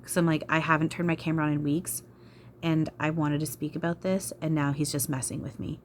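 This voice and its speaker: A woman's voice: low-pitched, steady tone, fairly quick, slight background noise. A woman channeler talking to camera in an emotional vlog, frustrated, sighing and swearing. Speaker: spiritual channeler.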